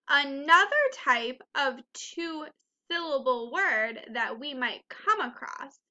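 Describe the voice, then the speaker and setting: Woman teaching first grade phonics, high bright voice, kinda dull lo-fi audio. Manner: slow, clear teacher talk, clapping out syllables. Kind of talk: online phonics lesson.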